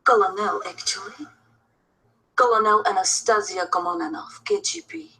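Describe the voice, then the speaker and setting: A woman's voice: medium pitch, expressive, normal speed, pushed and bright, poor audio. An actress playing a sultry female KGB colonel with an exaggerated Russian accent, acted for a TV drama. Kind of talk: TV drama acting.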